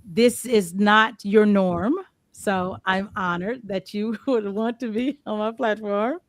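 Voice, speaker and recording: A woman's voice: mid-range voice, slow, dry recording, studio quality. A woman hosting a casual interview, chatty and playful, acting out quotes as she talks. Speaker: host.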